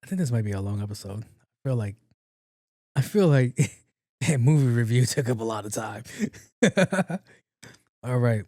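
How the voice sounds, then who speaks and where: Slangy podcast man with a dark voice. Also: mid-range voice, animated, moderate pace, long pauses, dry recording, clean studio sound. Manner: slangy, swearing storyteller who acts out quoted talk. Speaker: podcast host. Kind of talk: casual solo podcast monologue.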